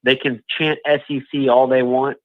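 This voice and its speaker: A fired-up man calling in to a live show over a tinny, dry phone line. He talks emphatically at a middle pitch, casual and animated. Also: moderate pace, no room sound. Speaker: caller.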